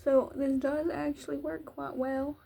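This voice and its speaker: A woman's voice: sits high, level tone, unhurried, vocal fry, mellow, slight background noise. A young woman from Virginia chatting casually while doing her makeup, rambling and poking fun at herself. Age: young adult. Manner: rambling, self-mocking, chatty. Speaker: vlogger. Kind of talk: casual get-ready-with-me chat.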